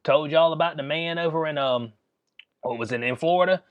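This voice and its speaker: A man's voice: on the high side, fairly quick, clear, resonant tone, no echo, muffled recording. A man hosting his own channel, ranting in casual slang with exasperated asides. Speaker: channel host. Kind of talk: ranting commentary vlog.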